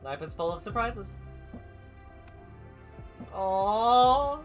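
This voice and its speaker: A man's voice: on the high side, a little slow, fairly bright tone, faint music behind. A man streaming a visual novel, reading every character's lines and the narration himself, stumbling now and then and adding his own asides.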